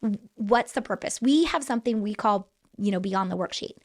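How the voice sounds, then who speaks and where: A woman's voice: mid-range voice, fairly quick. A middle-aged woman, a school headmaster, explaining her teaching approach earnestly in a podcast interview. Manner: earnest, explanatory, repeats words when restarting.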